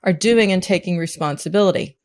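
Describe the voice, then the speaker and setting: A woman hosting an interview podcast, asking questions in a lively, chatty way. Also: fairly low pitch, fairly quick. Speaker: podcast host.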